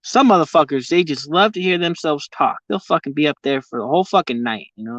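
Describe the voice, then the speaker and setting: A man's voice: a little high, animated, brisk, few pauses, a bit bright. A man talks casually to his camera from inside his vehicle, cursing in nearly every sentence as he rambles. The sound is close and dry with no room echo. The recording is somewhat dull and lo-fi. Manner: profane, heavy swearing, ranting. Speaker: vlogger.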